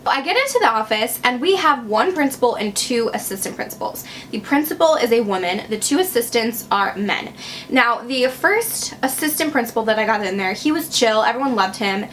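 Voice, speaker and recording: Young woman vlogger from Wisconsin, slightly high voice, chatty and sarcastic storyteller. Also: lively intonation, a little fast, a bit bright, a little hiss or hum. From Wisconsin, USA. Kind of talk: storytime vlog.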